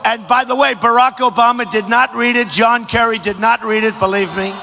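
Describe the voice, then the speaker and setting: A presidential candidate giving a boastful, repetitive campaign rally speech, often shouting, in a large packed hangar. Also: male voice, very high-pitched, steady tone, fairly quick, creaky, soft background music. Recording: echoey hangar hall.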